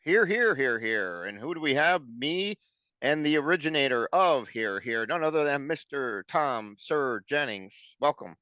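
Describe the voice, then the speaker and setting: A man co-hosting a casual album-review chat in an easygoing, halting way, full of fillers. His voice sits in a middle range. The recording is dry and slightly dull, like lo-fi audio. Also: mid-range voice, expressive, bright, forceful tone, clear, resonant tone, dry recording. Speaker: co-host.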